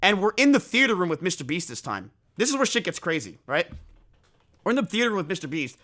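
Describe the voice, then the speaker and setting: A young man streaming, telling a story to his chat in a casual, animated way with plenty of swearing and self-mockery. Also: high voice, fast talker.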